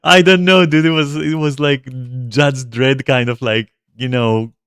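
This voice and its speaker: A man streaming a game talks loosely over his play, rambling from thought to thought with plenty of fillers and swearing. His voice sits at a middling pitch and is recorded close and dry, with no room sound. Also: steady tone, unhurried, fairly bright tone, smooth, no room sound. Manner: rambling, profane, with frequent fillers. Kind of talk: casual gameplay commentary.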